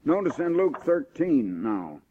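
A man preaching a sermon, reading scripture slowly and rising to stress his points. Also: on the high side, very animated, slightly rough. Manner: emphatic, rising on key points, slows for scripture. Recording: tinny phone-like old recording.

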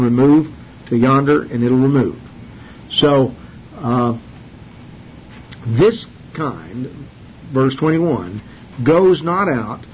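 A man teaching a sermon from the Bible, earnest and halting, with many fillers and restarts. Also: medium pitch. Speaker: preacher. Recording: dull lo-fi sermon recording with faint hiss.

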